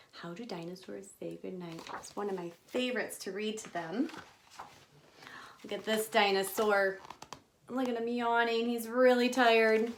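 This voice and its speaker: A woman hosting a children's storytime, reading a picture book aloud and talking directly to young kids in an animated, expressive way. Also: mid-range voice, slight background noise.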